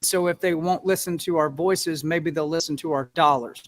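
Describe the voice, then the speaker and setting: A man's voice: a little high, steady tone, normal speed. A man answering as a guest in an interview, earnest and folksy, acting out everyday voices as he tells his points. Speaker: guest, musician and business owner.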